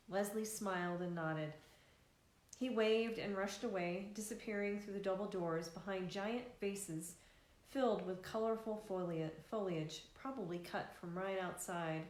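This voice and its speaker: A woman's voice: mid-range voice, measured pace, darkish tone. A woman reading her own novel aloud in an easygoing way, now and then restarting a word. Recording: echoey room.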